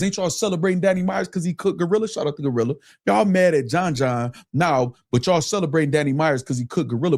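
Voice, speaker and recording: A man's voice: a little high, a little mellow. A man ranting profanely on a livestream, mocking his listeners and repeating phrases over and over. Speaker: streamer with his own platform. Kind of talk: angry livestream rant.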